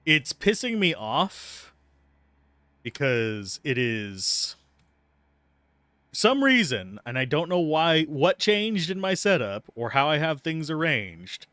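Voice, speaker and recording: A man livestreaming from his home computer desk, chatting loosely as he plays. He rambles and swears when annoyed, and his voice is bright and swings around a lot. The sound is close and dry, with no room echo. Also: fairly high pitch, very animated, slow. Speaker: livestreamer playing a video game. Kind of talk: casual gameplay commentary. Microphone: close mic with earbuds at a PC.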